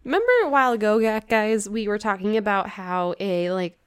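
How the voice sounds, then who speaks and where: A woman with a mid-range voice co-hosts a relaxed podcast. She talks in an animated, exclamatory way and fills her speech with "like.". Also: mid-range voice, a little fast, clean tone. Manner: animated, exclaims often, lots of "like". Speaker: podcast co-host. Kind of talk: casual chat.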